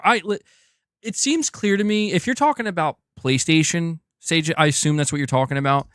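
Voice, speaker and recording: Excitable chatty male livestream host. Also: on the high side, normal speed, no room sound, studio quality. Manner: excitable and chatty, often says "dude". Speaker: gaming news livestream host. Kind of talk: casual livestream chat reading viewer messages.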